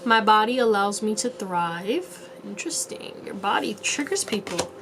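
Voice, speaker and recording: A woman's voice: a little high, lively intonation, moderate pace, noisy background. A young woman giving a casual pick-a-card tarot reading, chatty and rambling, with playful asides. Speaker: tarot reader.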